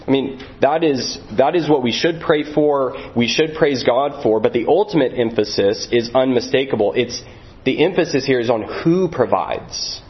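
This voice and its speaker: A man's voice: mid-range voice, moderate pace, dull audio. A man preaching a sermon as a pastor, earnest and repeating phrases for emphasis.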